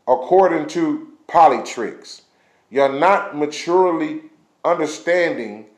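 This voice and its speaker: A man's voice: fairly high pitch, a little slow. Heated, profane man in an echoey room. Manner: blunt, passionate, profanity-laden. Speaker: vlogger ranting on camera.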